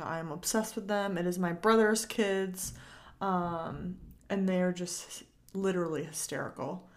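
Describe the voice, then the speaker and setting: A woman in her twenties from Massachusetts, hosting her own podcast in a casual, chatty way, with lots of fillers and casual swearing. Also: on the low side. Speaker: podcast host. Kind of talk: casual solo podcast chat.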